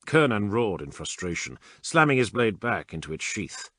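A man reading a science-fiction audiobook as narrator in measured, storytelling narration. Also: lowish voice, very animated, bright, forceful tone, dry recording, studio quality. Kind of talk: scripted narration.

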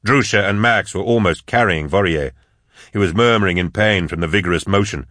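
A man narrating an audiobook in a measured, steady read, close on a studio mic. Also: low voice, dry recording. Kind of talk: scripted narration.

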